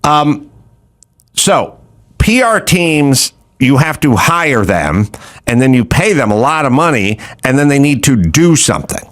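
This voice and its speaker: Middle-aged male host, rambling and exasperated, lively swooping delivery. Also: medium pitch, unhurried, no echo, clean studio sound. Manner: rambling, exasperated, does voices in stories. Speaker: podcast host. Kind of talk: casual podcast chat.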